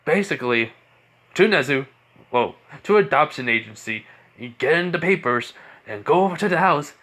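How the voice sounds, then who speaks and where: A man's voice: fairly high pitch, expressive, normal speed, sharp tone. A man narrating an improvised fan story in a casual, rambling way, with many fillers and restarts.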